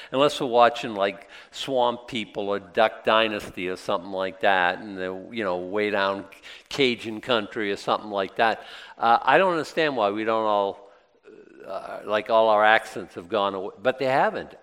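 Low-voiced Boston preacher in a hall. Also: male voice, fairly bright tone. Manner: folksy, rambling with restarts. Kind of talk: casual Bible teaching. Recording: long hall reverb.

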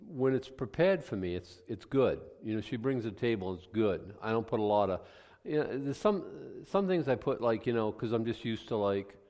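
A man with a fairly low voice teaches scripture in an easygoing, rambling way, breaking off mid-sentence for homely asides. His voice rings with the long reverb of a church hall. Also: darkish tone. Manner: rambling, self-interrupting, folksy asides. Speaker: pastor. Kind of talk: conversational Bible teaching.

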